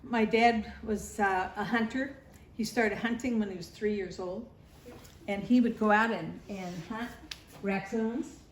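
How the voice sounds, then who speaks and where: A woman's voice: medium pitch, steady tone, a little slow. Older woman storyteller, nostalgic family memories, roomy echo, faint room hum. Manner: warm storytelling, nostalgic, acts out family voices. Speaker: grandmother sharing family memories. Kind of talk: recorded family interview.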